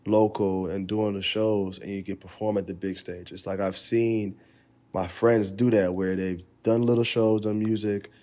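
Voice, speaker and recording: A man's voice: lowish voice, little pitch movement, moderate pace, warm tone. A man co-hosting a casual podcast, talking in a laid-back, slangy way. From Milwaukee area. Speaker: podcast co-host. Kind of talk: casual chat.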